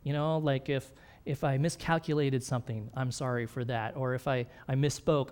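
A man's voice: mid-range voice, steady tone, normal speed, a little mellow, clear, resonant tone. A middle-aged man preaching a sermon in a conversational way, often checking in with his listeners and laughing lightly. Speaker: pastor.

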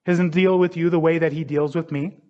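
A man's voice: a little high, steady tone, a little fast. Man preaching a casual sermon, lo-fi. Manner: conversational preaching, acting out voices in stories. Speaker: pastor. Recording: dull lo-fi sound.

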